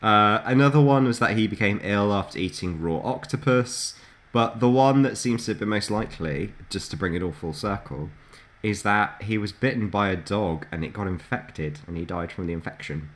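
A man's voice: fairly low pitch, normal speed, few pauses, fairly bright tone. A man co-hosting a podcast, chatting casually and retelling anecdotes with frequent laughter. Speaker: podcast co-host. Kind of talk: casual storytelling chat.

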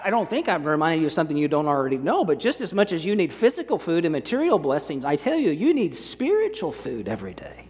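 A man preaching a sermon as pastor, slowing down to stress key words and often repeating words as he goes. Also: high-pitched. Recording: long hall reverb.

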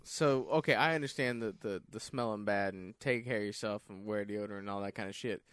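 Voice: medium pitch, brisk, fairly bright tone, clear, resonant tone, no room sound, studio quality. A podcast co-host in casual chat, joking and profane.

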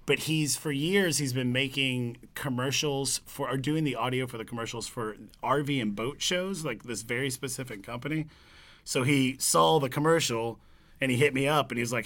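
A young man, a voiceover performer, chatting casually and telling animated stories. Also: mid-range voice, normal speed. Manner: animated storyteller, breaks into announcer voices. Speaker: podcast guest, voiceover performer. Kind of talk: casual chat.

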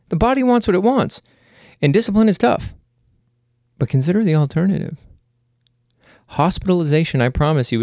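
A man's voice: medium pitch, gravelly, darkish tone, no echo, clean studio sound. A man hosting a casual monologue. He rambles with self-mocking jokes and then turns earnest and pleading. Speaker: host.

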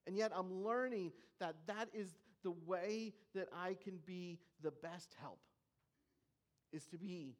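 Preacher, sermon, earnest, emphatic, slow weighty pauses, mid-pitched voice.

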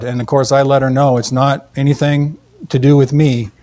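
A man telling a faith testimony in an earnest, halting way, with many fillers and restarts. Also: mid-range voice, flat delivery, warm tone. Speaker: Christian speaker telling a testimony. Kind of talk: storytelling testimony.

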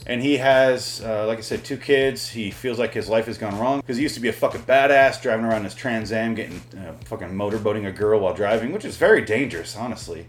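A man's voice: lowish voice, fast talker, few pauses. A man hosting a podcast, rambling and swearing as he casually reviews a movie. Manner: rambling, profane, joking. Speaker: podcast host.

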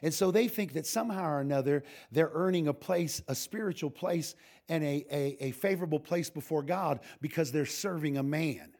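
Gravelly older preacher with folksy humor. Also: male voice, fairly high pitch, normal speed, darkish tone. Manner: folksy and joking, with frequent restarts. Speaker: pastor. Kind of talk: informal sermon with humorous storytelling.

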